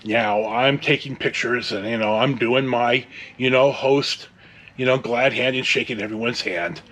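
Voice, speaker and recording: A man's voice: mid-range voice, unhurried, a bit bright. A middle-aged man hosting his own show, telling a story in a casual, rambling way with lots of fillers and restarts, and chuckling now and then. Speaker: host.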